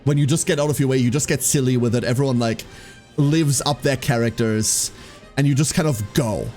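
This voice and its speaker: A man's voice: mid-range voice, a little mellow. A man streaming, casually chatting with his viewers and telling a story, swearing freely and acting out the people he quotes.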